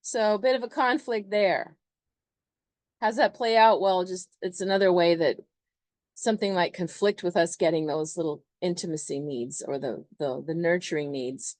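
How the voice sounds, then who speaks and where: A woman's voice: fairly low pitch, moderate pace, a little mellow, no room sound. A woman astrologer talking through a chart in a chatty, loose way, full of fillers. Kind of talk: casual astrology explanation.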